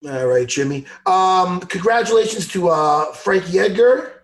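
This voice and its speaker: An excitable man hosting a podcast, chatting casually with a co-host. His voice sits high, and his pitch leaps around as he gets worked up and acts out other people's lines. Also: a little slow. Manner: animated, excitable, laughs a lot, acts out impressions loudly. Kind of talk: casual chat.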